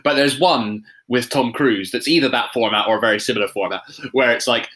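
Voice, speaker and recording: Bright-voiced man with dry sarcasm. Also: mid-range voice, brisk. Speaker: podcast co-host. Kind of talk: casual film chat.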